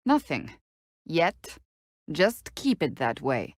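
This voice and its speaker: A stern, blunt warrior woman, curt and formal in every reply. Her voice sits a little low, recorded completely dry for a video game. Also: sing-song, slow, no room sound, full character voice. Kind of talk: video game companion dialogue.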